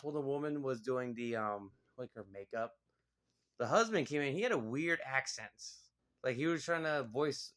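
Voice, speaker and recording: Here a man chats loosely about a film, rambling and filling gaps with "like" and "you know." His voice sits at a middle pitch and has a fairly bright tone.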